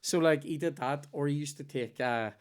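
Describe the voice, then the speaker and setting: A man's voice: fairly high pitch, moderate pace. A young man with a Belfast accent, hosting a podcast and telling rambling, sweary stories in casual chat. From Northern Ireland. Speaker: podcast host.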